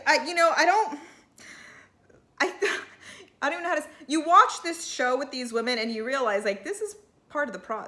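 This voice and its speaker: Give me a chatty, opinionated woman recapping reality TV, with a fairly high, bright voice. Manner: chatty and opinionated, many fillers. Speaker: show recap host.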